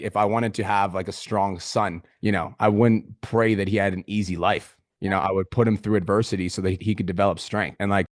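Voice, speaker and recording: A man coaching a client on a group video call, swearing constantly in a pumped-up motivational manner with sudden loud outbursts. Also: on the low side, dry recording, clean studio sound. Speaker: business coach.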